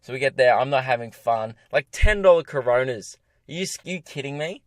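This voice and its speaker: A young Australian man rants through a solo comedy podcast from his parked car, exasperated and rambling, often poking fun at himself. His voice sits at a middling pitch. The sound is close and dry, with no room echo. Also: animated, moderate pace. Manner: exasperated, ranting, self-mocking.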